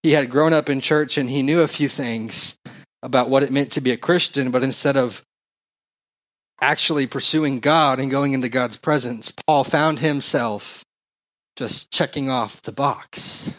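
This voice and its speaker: A young adult man, a pastor, preaching a casual, slangy sermon into a handheld mic and growing more excited as he goes. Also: mid-range voice, a little slow.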